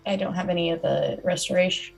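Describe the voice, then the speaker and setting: A woman's voice: lowish voice, fast talker, creaky. A woman playing a tabletop role-playing game over a voice call, playful and checking rules aloud. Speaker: player. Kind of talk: casual tabletop play.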